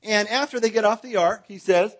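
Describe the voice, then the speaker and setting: A man with a high, light voice teaches a Bible seminar to a live crowd. He is from Southern California and keeps things playful, cracking jokes and getting everyone to answer back and act out motions. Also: fairly quick. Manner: playful, jokey, coaxes the audience to join in. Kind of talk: lively live Bible seminar with audience participation.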